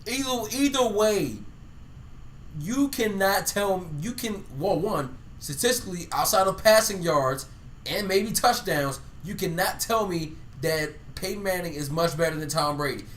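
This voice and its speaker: A man co-hosting a casual sports podcast, animated and playfully argumentative. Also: high voice, unhurried, a little hiss or hum. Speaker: podcast co-host.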